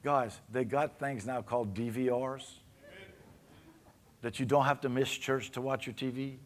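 A Cajun-accented male pastor delivers a sermon at a mid-range pitch. He talks to the congregation like a neighbor and keeps checking in with a quick "amen?". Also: fairly even intonation. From Louisiana. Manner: conversational preaching, often asking the congregation for an amen.

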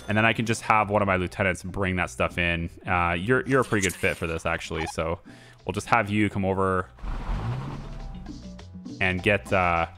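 A lower-voiced man talks through his moves in a strategy game, unhurried and full of ums, pausing and restarting his sentences as he reasons things out. Soft game music plays faintly behind him. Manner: relaxed, thinking aloud with many ums and restarts. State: has hiccups. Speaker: gameplay video creator. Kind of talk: casual game commentary.

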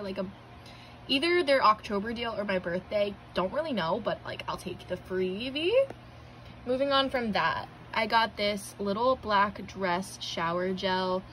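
A woman's voice: medium pitch, a little hiss or hum, rough recording. A young woman from Georgia, chatting casually and expressively in a vlog about her shopping. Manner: gushing and expressive, swings from excited to mock-dramatic. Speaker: vlogger. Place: shopping outlet outdoors, then at home.

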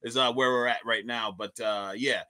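A young man, a stand-up comedian, chats loosely as a guest in a casual interview, his voice mid-range and his pace moderate. He is animated and relaxed, often restarting sentences and repeating words as he begins them.

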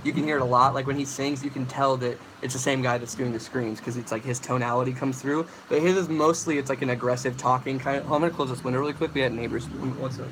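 A man's voice: mid-range voice, steady tone, quick pace, few pauses, noisy background. A young man casually hosting a livestream, rambling as he answers chat questions about vocals. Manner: casual, rambling, demonstrates screams.

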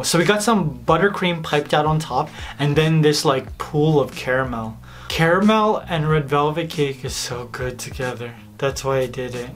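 Bubbly host doing voice-over commentary, excitable, gasps and giggles, a little hoarse, faint music underneath. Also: medium pitch. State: slightly hoarse, losing voice. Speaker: baking channel host. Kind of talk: voice-over commentary on old footage.

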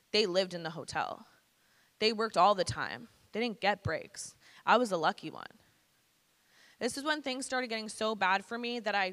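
A woman in her thirties speaks frankly and casually to a student audience, slipping into slang. Her voice is bright and forceful, and it echoes around a large school hall. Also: mid-range voice. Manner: candid, conversational, slangy. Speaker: guest speaker. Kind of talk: personal testimony to students.

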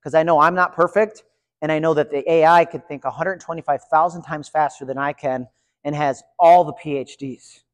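A man giving a live conference session, chatty and energetic, talking to his audience. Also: on the high side, brisk. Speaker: conference presenter. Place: large conference room. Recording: reverberant hall.

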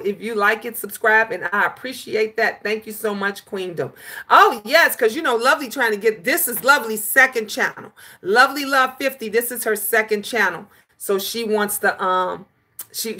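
A woman's voice: fairly high pitch, moderate pace, pushed and bright. A middle-aged woman chatting casually on a livestream, reading viewer comments and calling people honey.

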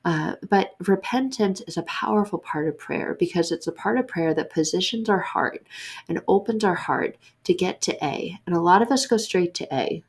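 A woman hosting a devotional talk on prayer, earnest and emphatic, repeating short phrases for weight. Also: on the low side. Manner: drops to soft near-whisper in prayer passages. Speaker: podcast host teaching on prayer.

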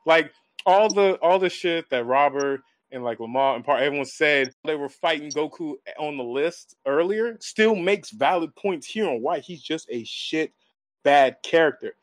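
Blunt man with a fairly high voice. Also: animated. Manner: blunt, profane, quick bursts. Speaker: podcast guest panelist. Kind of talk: casual group debate.

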